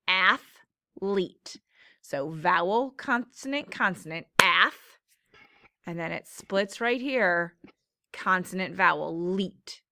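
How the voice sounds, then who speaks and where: A woman's voice: medium pitch, sharp tone, no echo, studio quality. A woman teacher patiently explaining syllable patterns in a classroom phonics lesson. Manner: slow, patient explaining with drawn-out words.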